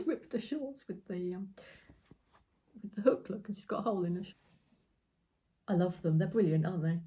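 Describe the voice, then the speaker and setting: A woman's voice: fairly low pitch, lively intonation, normal speed, long pauses, mellow. A woman hosting a crafting podcast, chatting in a rambling, giggly way from her home. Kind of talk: casual chat.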